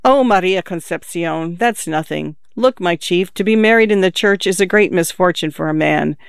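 A man's voice: sits high, moderate pace, vocal fry, clean tone, dry recording, studio quality. A man doing a swaggering, flowery-talking young man. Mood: boastful. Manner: grand, flowery speech. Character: swaggering boastful young man, florid talker.

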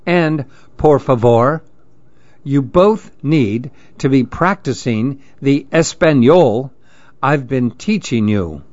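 A man's voice: mid-range voice, animated, slow pace, a little mellow, no room sound. A man voicing a playful Dominican mother in a storybook reading, teasing and sprinkling in Spanish words. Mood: cheerful. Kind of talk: storybook narration. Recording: dull lo-fi dry recording.

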